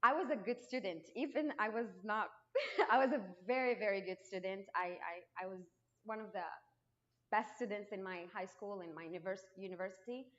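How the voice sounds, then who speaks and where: A woman from Morocco with a Moroccan accent and Arabic as her first language, telling her personal testimony at church in a lively way with frequent restarts. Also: mid-range voice, normal speed. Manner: lively storytelling with frequent restarts and acted quotes. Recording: dull lo-fi sound.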